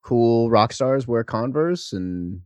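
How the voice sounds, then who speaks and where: A man co-hosting a podcast, telling stories in a casual, animated, profane way. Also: mid-range voice, slow, clear, resonant tone, dry recording. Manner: profane, animated storytelling with laughs. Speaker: podcast co-host. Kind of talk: casual chat, storytelling.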